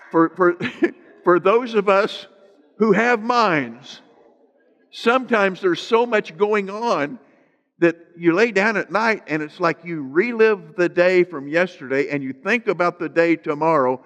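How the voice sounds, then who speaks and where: A man's voice: high voice, fairly bright tone. A man preaching a sermon as pastor, stretching out scripture phrases for emphasis and slipping in joking asides to the congregation. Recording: long hall reverb.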